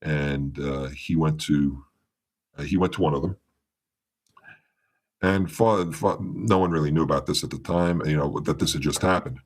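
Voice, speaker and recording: A man with a strikingly low, deep voice tells a long story as a podcast guest. He rambles and restarts his sentences, and his voice jumps up and down as he acts out what people said. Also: normal speed, long pauses. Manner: meandering retelling with many restarts, acting out quoted dialogue. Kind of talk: storytelling in a casual interview.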